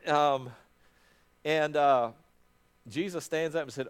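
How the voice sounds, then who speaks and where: A man's voice: a little high, lively intonation, normal speed. A middle-aged man, a pastor, preaching a sermon in a conversational way, often restarting his words.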